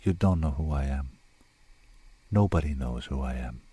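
A desperate young woman torn between despair and fury, as a male reader puts her on. Her voice swings from shrill, raw shrieks to a hushed, bitter murmur, recorded dry and close. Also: huge pitch swings, moderate pace, no echo.

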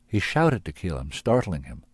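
A man reading a story aloud in an even, measured way, voicing the characters along the way. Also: low voice, breathy edge, no room sound. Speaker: reader of submitted manuscripts. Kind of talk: storybook narration.

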